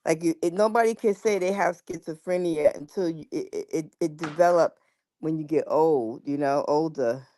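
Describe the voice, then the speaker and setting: A woman chiming in on a casual podcast chat, explaining things in a slow, reassuring way. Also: low voice, mellow, slight background noise.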